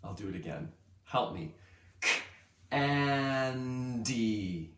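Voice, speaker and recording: A male kindergarten teacher giving a lesson to young children in an upbeat way, stretching words out slowly so they can follow. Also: mid-range voice, animated, reverberant, background noise.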